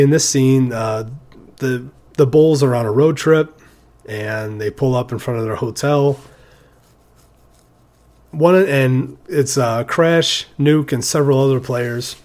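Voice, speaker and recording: A man talks through his favorite movie scenes in a loose, chatty monologue. His voice sits at an ordinary middle pitch, and he restarts sentences as he goes, now and then laughing at his own retelling. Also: darkish tone. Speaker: movie fan talking about favorite scenes. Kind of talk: casual monologue recapping film scenes.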